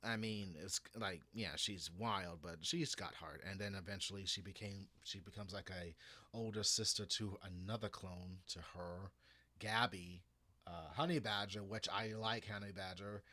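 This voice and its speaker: A comics vlogger in his thirties delivers a casual, rambling opinion monologue about comics, restarting and swearing along the way. His voice is low-pitched and steady, sharp in tone, at a normal speed.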